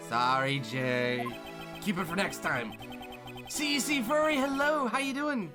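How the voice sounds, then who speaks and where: A man's voice: sits high, very animated, slow pace, pauses often. A man streaming a game who chats casually and upbeat and greets his viewers often. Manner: upbeat, greets chat members warmly and often. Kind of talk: casual chat. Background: game music.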